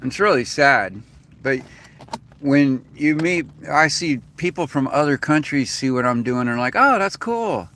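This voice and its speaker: A man's voice: medium pitch, unhurried, a bit bright. A man venting in a rambling, profane, casual rant as a vlogger. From United States.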